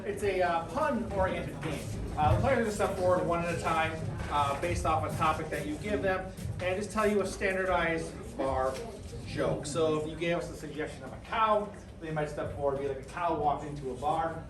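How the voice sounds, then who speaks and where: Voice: medium pitch, fairly quick, distant mic, a crowd in the background. An improv show host laughing and explaining the game rules to a live audience. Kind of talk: live stage hosting. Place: live theater stage. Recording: echoey theater recorded from afar, loud audience.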